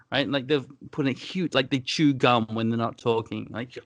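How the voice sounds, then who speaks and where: A man's voice: medium pitch, brisk, hardly any pauses, fairly bright tone, no room sound. Joking man, dry close sound. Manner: jokey, swears, mimics accents. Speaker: podcast co-host. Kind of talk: casual banter.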